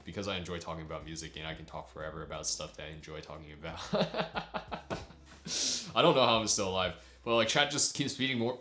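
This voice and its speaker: A man's voice: low voice, bright, forceful tone, reverberant. A young man chatting casually with his livestream viewers, rambling and laughing often. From United States. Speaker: streamer.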